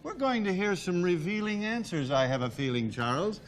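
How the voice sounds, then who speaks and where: A man hosting a game show, jovial and quick with jokes, in a 1970s TV studio with an audience. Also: sits high, sing-song.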